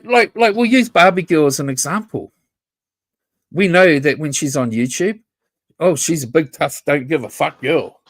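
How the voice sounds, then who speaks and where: Kiwi guy going off on a livestream, swears heaps, repeats himself, voice a bit on the high side. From New Zealand. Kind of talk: casual livestream rant.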